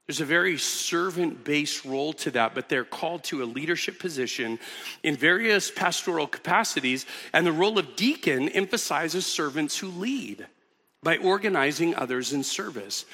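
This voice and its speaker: A man's voice: fairly high pitch, sharp tone, long reverb tail. A man preaching a sermon as pastor, teaching earnestly with emphatic repetitions in a church auditorium.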